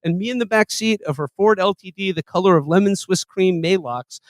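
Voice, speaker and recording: A man with a notably high voice co-hosting a comedy podcast. He reads long passages aloud with wry, deadpan amusement. The mic is close and dry. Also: fairly quick, no echo. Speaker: podcast co-host. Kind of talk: casual comedic chat, reading quotes aloud.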